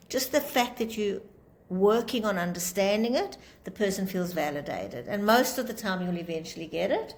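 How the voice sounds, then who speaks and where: A woman's voice: medium pitch, lively intonation, moderate pace. A woman teaching a class on communication, explaining with acted-out example dialogues. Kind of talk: lecture with group discussion.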